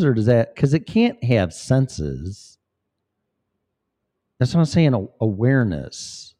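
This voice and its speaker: A male vlogger with a dark, mellow voice rambles through casual commentary, blunt and profane. His pitch rises and falls in a lively way.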